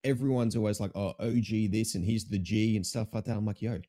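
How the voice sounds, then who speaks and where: A young Australian man with a fairly low voice talks through his routine in an easygoing way. He is a streamer guesting on a casual show, and his speech is upbeat and full of slang. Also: fairly even intonation, a little fast, warm tone. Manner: laid-back, upbeat, slangy. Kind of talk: casual chat.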